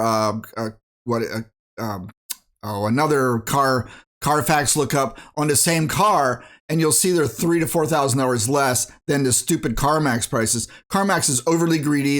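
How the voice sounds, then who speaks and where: A man's voice: mid-range voice, a bit bright. A man from the United States, a vlogger ranting bluntly and casually about car dealers and pricing. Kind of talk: casual rant to camera.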